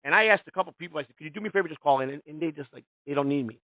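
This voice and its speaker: A man's voice: on the high side, very fast, no room sound. A man hosting a call-in radio show, talking in a profane, rambling way with a lot of restarts. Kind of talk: casual call-in radio talk. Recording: tinny, dry phone-line sound.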